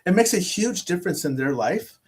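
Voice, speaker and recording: A man chatting casually as a guest over a video call, telling rambling, animated stories with many restarts. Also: high-pitched, a little fast, slightly rough. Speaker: podcast host appearing as guest. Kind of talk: casual chat.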